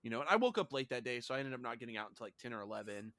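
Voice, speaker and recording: A man's voice: medium pitch, very fast, crowd noise. A man co-hosting a casual podcast chat, telling stories with lots of acted-out quotes. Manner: animated storyteller, acts out quotes. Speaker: podcast co-host.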